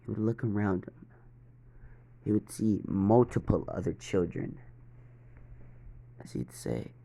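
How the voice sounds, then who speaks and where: A man narrating a fan fiction story in a steady, monotone way. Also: on the low side, measured pace, creaky, long pauses, a little hiss or hum.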